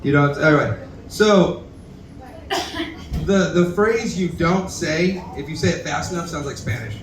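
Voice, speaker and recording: Young guy doing standup in a bar, kinda high voice, rambly and cussing, echoey room, mic from far off. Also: a little slow, a little hiss or hum. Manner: rambling, self-deprecating, profane, talks to the crowd. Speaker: stand-up comedian at open mic. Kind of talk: stand-up comedy set. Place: bar stage, roomy and echoey.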